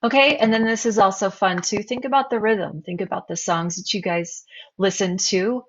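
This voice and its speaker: A woman's voice: mid-range voice, normal speed, highs cut off. A woman teacher narrating a recorded slideshow lesson, explaining terms and posing questions to her students.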